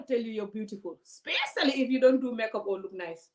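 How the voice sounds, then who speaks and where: A woman, a vlogger giving animated, indignant commentary to her audience. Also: on the high side, quick pace, rough recording. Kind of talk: casual commentary to a live audience.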